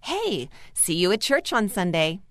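A woman voicing a cheerful, persistent mother who gently encourages children at church, in a read-aloud story. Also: medium pitch, big pitch swings, unhurried, no room sound, studio quality.

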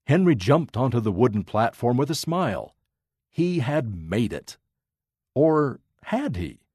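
A man narrating a children's story aloud with expressive, dramatic pacing. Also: medium pitch, a little slow, breathy edge, no room sound, clean studio sound.

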